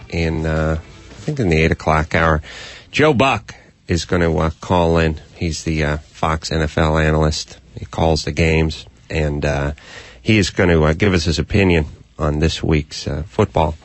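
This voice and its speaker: Radio host man, shouting comic riffs. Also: low-pitched, moderate pace, faint music behind. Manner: riffing, bursts into shouted mock cop voices. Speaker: radio talk show host. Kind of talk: comedic radio banter.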